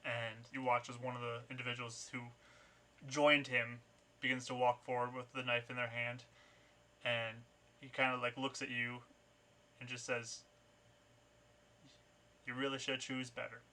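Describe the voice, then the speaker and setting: A man's voice: mid-range voice, flat delivery, moderate pace, pauses often, bright, forceful tone. A man narrating as game master in a tabletop game, in a loose, conversational way with fillers.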